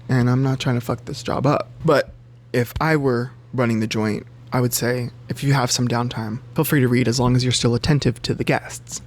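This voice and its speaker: Guy doing a chill book vlog, chatty and swears a lot, voice jumps way up when he gets excited. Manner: chatty, animated, swears freely, jumps pitch for emphasis. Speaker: bookseller and book vlogger. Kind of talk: casual chat to camera.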